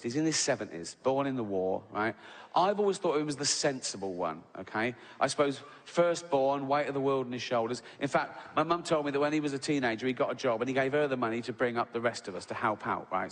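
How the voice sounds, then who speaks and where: A man, performing a stand-up comedy set, telling a story and often tagging lines with "right?". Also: mid-range voice. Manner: storytelling with frequent "right?" tags and laughs. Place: large theatre on stage. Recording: live hall reverb with audience noise.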